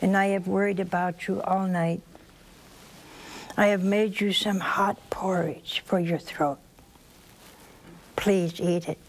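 A woman voicing a meek, kindly friar who speaks calmly and softly. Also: mid-range voice, slow pace, pauses often, a little hiss or hum. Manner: calm and soft.

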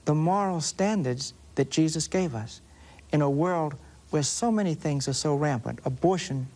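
A man with a Southern US accent preaching a Catholic sermon, slowly and deliberately, drawing out key words for emphasis. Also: a little high. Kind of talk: sermon teaching on scripture.

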